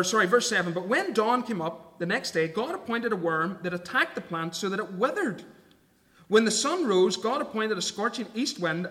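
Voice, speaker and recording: Man preaching, high voice, earnest and emphatic, long reverb of a church hall. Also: pushed and bright. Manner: earnest, emphatic, reads scripture aloud. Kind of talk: sermon.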